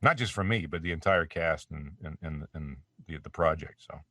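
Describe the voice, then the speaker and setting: Deep-voiced Canadian male voice actor, loose and rambling, recorded dry and a touch distant from home. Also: normal speed, bright, forceful tone, no room sound. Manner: rambling and self-deprecating, many restarts. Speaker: voice actor guest. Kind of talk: casual interview chat. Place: home studio. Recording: dry, slightly distant mic.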